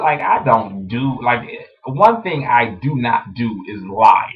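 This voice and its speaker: A young man talking casually to his webcam, chatty and animated, telling stories with lots of "like". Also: mid-range voice, takes it slowly. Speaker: vlogger. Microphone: webcam microphone. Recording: dull lo-fi webcam audio.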